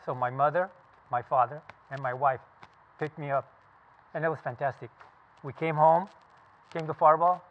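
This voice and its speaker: Speaking at a moderate pace with long pauses, this man in his seventies has a somewhat high, steady voice. He's a veteran from California giving a casual recollection to a group in a blunt, profane, emphatic manner, and the audio has a thin, phone-like quality.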